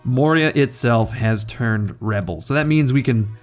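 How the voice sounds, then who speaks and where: A man's voice: mid-range voice, a little slow, soft background music. A young man giving casual, rambling game commentary, joking and self-deprecating as the host. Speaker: gaming video host.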